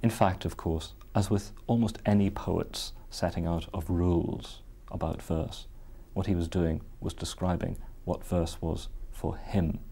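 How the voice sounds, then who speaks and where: A man explaining poetry in an interview, in a thoughtful, measured way. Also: deep voice, fairly even intonation, creaky, warm tone, slightly rough. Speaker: literary scholar.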